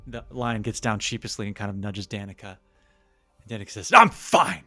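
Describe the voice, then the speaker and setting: A man narrating a tabletop game as game master, telling the scene slowly. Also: fairly low pitch, level tone, a bit bright, faint music behind. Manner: slow, storytelling narration.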